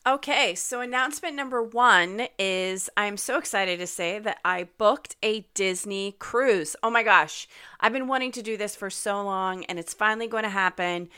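Brief: upbeat woman podcast host, slightly nasal and getting over an illness, bright and clear. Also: medium pitch, moderate pace, hardly any pauses. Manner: chatty and upbeat, frequent ums. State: recovering from illness, occasional cough. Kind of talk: casual podcast monologue.

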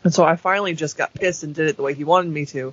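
Higher-voiced man telling a story. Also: fairly even intonation, fast, a bit bright, breathy edge, dry recording. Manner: storytelling with repeats. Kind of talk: casual chat. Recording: dull lo-fi recording.

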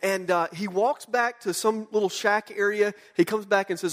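A man, preaching a sermon and telling a lively mission-trip story. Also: brisk. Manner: animated storyteller, voices quotes with rising pitch. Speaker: pastor.

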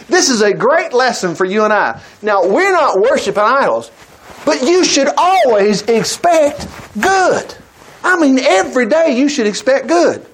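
A man preaching a sermon, retelling a Bible story in a folksy, animated way with frequent chuckles. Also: very high-pitched, a little slow.

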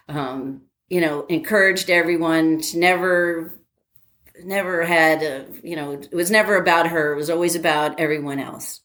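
An older woman recalls events in a relaxed interview, her voice sitting a little low for a woman. She tells it with animation, stops and starts with plenty of fillers, and laughs at her own story. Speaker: interviewee, former academy track athlete.

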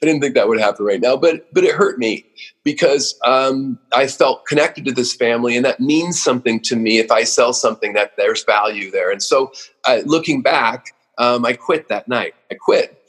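A man's voice: mid-range voice, normal speed, fairly bright tone, husky. A man in his fifties from Oregon, a company founder telling personal stories in an interview, earnest and openly emotional, with frequent restarts. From Oregon, USA. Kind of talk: storytelling interview.

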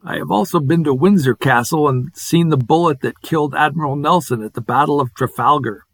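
A man's voice: fairly high pitch, brisk, dry recording. A middle-aged man who reads out a list with amusement and small laughs, then talks casually in a monologue for a podcast. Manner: amused, savoring each name with small laughs.

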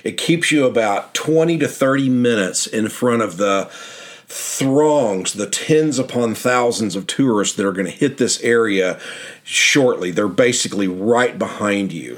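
A man's voice: fairly low pitch, normal speed. A man hosting a travel podcast, telling stories in a loose, rambling, folksy way and often repeating phrases. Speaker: podcast host and tour guidebook author. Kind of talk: casual storytelling travel podcast.

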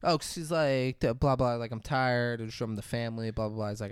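Male podcast co-host, mid-pitched, dry close mic, tells movie plots with acted-out lines. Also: fairly quick, smooth, no room sound. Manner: animated storytelling, acting out characters, profane. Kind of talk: casual movie recap chat.

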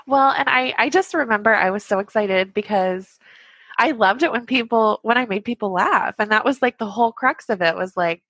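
A woman's voice: on the high side, normal speed, a bit bright, husky, no room sound. Chatty, laughing woman guest. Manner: chatty, laughs often while telling stories. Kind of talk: casual podcast chat.

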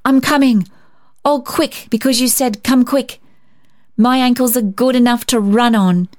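A woman voicing an eager, lonely grown woman who gushes in a hurried, emphatic way. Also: fairly high pitch, darkish tone, no echo, clean studio sound, pitched above the performer's own voice, natural voice. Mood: overjoyed.

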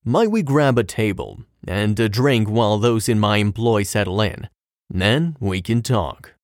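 A man voicing a deep baritone barkeep, low and measured. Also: lively intonation, no echo, studio quality. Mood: confiding. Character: deep-voiced male barkeep, loyal old friend.

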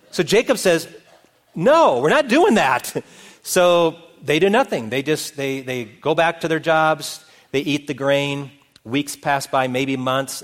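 A middle-aged man preaching a sermon, retelling a story and acting out its characters' voices. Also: mid-range voice. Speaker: pastor. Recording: long reverb of a hall.

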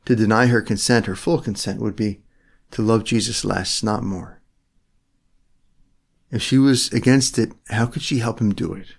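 A man giving a meditative sermon, speaking slowly in short phrases and turning to address God directly in prayer. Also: fairly low pitch, steady tone, vocal fry. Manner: slow, phrase-by-phrase delivery with pauses.

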